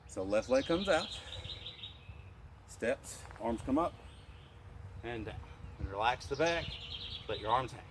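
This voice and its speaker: A male martial arts instructor calmly leading a qigong class, cueing each breath in a slow, steady rhythm. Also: mid-range voice, noisy background.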